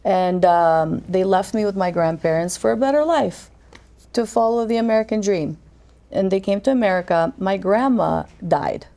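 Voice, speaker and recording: A woman's voice: lively intonation, moderate pace, dark tone. Woman from Albania telling a vivid story. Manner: vivid storyteller who acts out quoted voices, her pitch rising as she quotes. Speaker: guest. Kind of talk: personal storytelling in a podcast interview.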